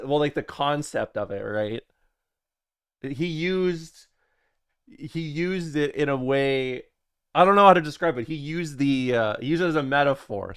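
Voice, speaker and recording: A man's voice: medium pitch, clear, resonant tone. Joking young streamer guy. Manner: rambling, jokey, talks to chat. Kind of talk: casual stream chatter.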